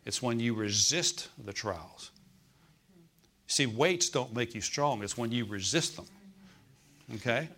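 A man's voice: medium pitch, animated, slow pace, long pauses, fairly bright tone. A middle-aged man preaching a sermon, repeating phrases for emphasis and asking his listeners for amens.

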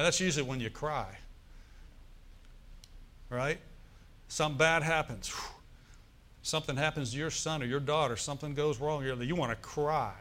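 A male pastor preaching a sermon, telling stories and asking the congregation for responses. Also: fairly high pitch. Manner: preaching with call-and-response asides; animated storytelling, acts out forced laughter.

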